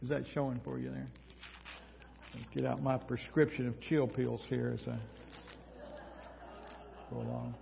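A man's voice: mid-range voice, steady tone, measured pace, creaky, pauses often, slight background noise. A male pastor delivers a folksy, humorous sermon, recorded in an echoey hall with dull lo-fi sound. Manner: folksy, humorous preaching with props.

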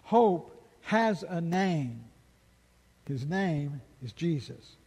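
Male pastor, high voice, unhurried delivery, emphatic sermon with rhetorical questions, echoing hall. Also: very animated, darkish tone, husky. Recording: long reverb of a large hall.

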